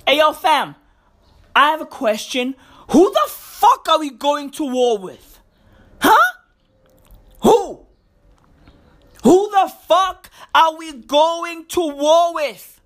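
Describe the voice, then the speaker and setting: A woman's voice: sits high, expressive, slow, pauses often, a bit bright. A woman with a South African accent delivering a profane, slangy comic rant with mocking, emphatic repetition.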